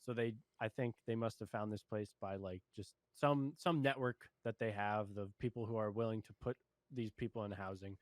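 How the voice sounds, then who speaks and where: A man's voice: fairly low pitch, steady tone, normal speed, few pauses, no echo. A young man co-hosting a casual show review, recapping scenes in an easygoing way, laughing often and stopping to find words.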